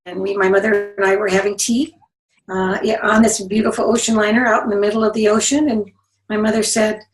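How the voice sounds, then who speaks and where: A woman's voice: mid-range voice, level tone, a little fast. A woman in her seventies, born in England and raised in South Dakota, chatting as a guest author with wry, anecdotal storytelling. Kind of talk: storytelling interview. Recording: roomy, distant mic.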